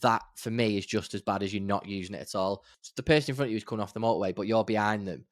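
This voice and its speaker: An easygoing man with a fairly low voice chats on a podcast. He talks emphatically and slips into sarcastic outbursts, recorded dry and close. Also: racing, no echo. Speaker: podcast co-host. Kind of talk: casual chat.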